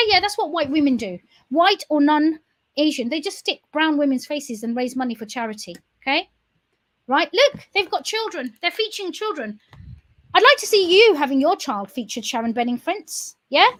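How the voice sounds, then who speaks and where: A woman's voice: sits high, fairly bright tone. A woman campaigner speaking straight to viewers in a heated, accusing rant, repeating questions and tagging phrases with "yeah?". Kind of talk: heated direct-to-camera rant.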